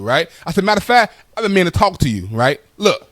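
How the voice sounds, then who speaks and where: A man's voice: sits high, sing-song, fast, fairly bright tone, dry recording. A young man telling stand-up stories in a loose, conversational way, tagging lines with "right?". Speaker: stand-up comedian. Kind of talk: stand-up storytelling.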